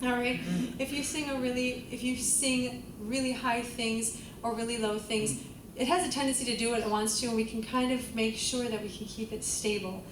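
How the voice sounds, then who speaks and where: A woman's voice: on the high side, steady tone, moderate pace, noisy background. A woman vocal coach leading a group singing class, encouraging the students and singing vowels to demonstrate. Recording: roomy, distant mic, loud music.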